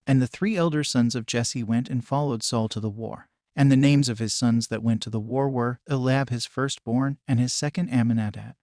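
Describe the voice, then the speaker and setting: A man's voice: mid-range voice, dry recording. Man reading scripture, dry and close. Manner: measured, even reading. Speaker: audiobook narrator.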